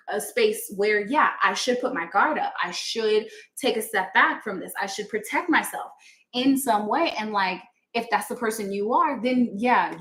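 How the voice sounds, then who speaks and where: A woman hosting a casual livestream, talking straight to her viewers in an earnest, chatty way and laughing often. Her voice sits at an ordinary middle pitch, and it bounces around an echoey room picked up by a phone or webcam mic. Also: fairly bright tone. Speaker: yoga teacher and livestream host.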